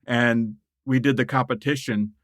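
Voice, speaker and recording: A middle-aged man from the United States tells stories with a bright edge to his voice. He is animated and laughs often, and the sound is dry and close to the mic. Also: mid-range voice, a little slow, no echo. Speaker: guest writer. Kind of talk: conversational interview storytelling.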